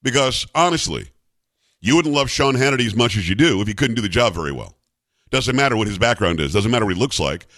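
A man hosting a political commentary show, talking in a sarcastic, animated way. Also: fairly low pitch, fast, no room sound, clean studio sound. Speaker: talk show host.

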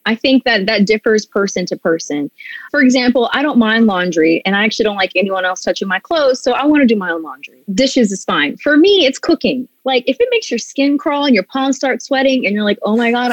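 A woman's voice: mid-range voice, dry recording, highs cut off. A woman in her thirties, a podcast guest chatting frankly and with lots of energy. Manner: frank, animated, breezy. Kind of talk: casual chat.

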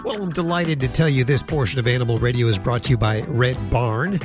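A male radio host doing an upbeat live read for a sponsor. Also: fairly quick. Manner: upbeat salesy pitch. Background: music bed.

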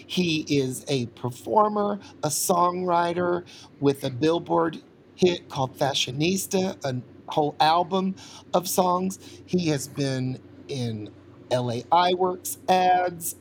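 A man's voice: fairly high pitch, takes it slowly, a little hiss or hum. An older man with a Southern US accent hosting a podcast interview in a campy, playful, teasing way. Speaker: podcast host. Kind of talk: casual interview chat.

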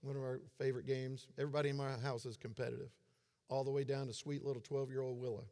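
A man's voice: medium pitch, little pitch movement, fast, warm tone. A man in his forties giving a sermon as a pastor, conversational and self-deprecating in his humor. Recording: long hall reverb.

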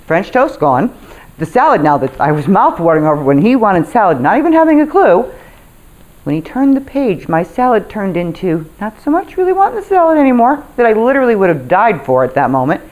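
A woman speaking in a casual storytelling monologue about empathy, animated and frank, laughing often and swearing freely. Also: medium pitch, low-quality recording.

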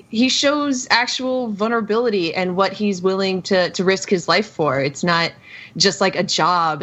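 A woman guesting on a podcast, chatting casually about a movie. Her voice sits a little low for a woman. She giggles often and stops to restart her sentences as she gathers her thoughts. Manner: warm-hearted, giggly, with frequent restarts and fillers. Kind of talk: casual film discussion.

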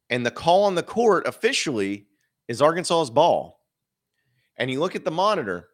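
A man's voice: medium pitch, a bit bright. Guy doing his sports podcast solo, chatty and opinionated, medium voice, wry little asides. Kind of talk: casual solo sports commentary.

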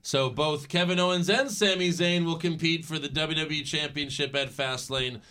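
A man's voice: a little high, normal speed, sharp tone, clear, resonant tone. A man hosting a casual podcast chat, recapping events in a joking narrating way. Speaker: podcast host recapping wrestling.

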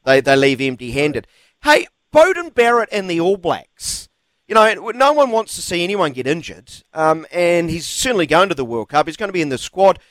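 A man's voice: on the high side, sing-song, moderate pace, fairly bright tone, no room sound. A man hosting talkback radio, bantering and teasing callers. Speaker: radio host.

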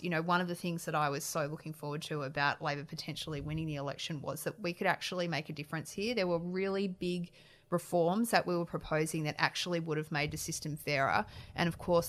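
A woman's voice: deep voice, steady tone, fast talker, fairly bright tone. An Australian woman politician answering interview questions in an earnest, frank way, often restarting her phrases. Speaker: politician, shadow minister.

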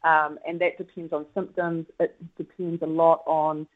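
Woman, New Zealand accent, netball coach, radio interview, measured and easy to laugh, muffled audio. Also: low voice, level tone. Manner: measured explanations, laughs easily at teasing.

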